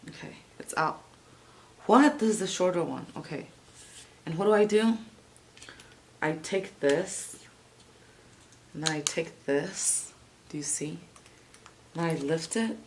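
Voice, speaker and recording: A woman's voice: deep voice, measured pace, long pauses, a little hiss or hum. A young woman chatting and swearing freely as she vlogs herself fixing something. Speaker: vlogger. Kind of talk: casual vlog narration while working.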